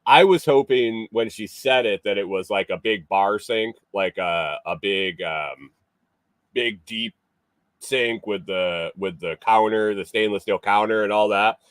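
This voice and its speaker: Low-voiced man rambling through a story. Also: measured pace, no room sound. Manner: rambling, many fillers and restarts. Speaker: morning show host. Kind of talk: casual storytelling.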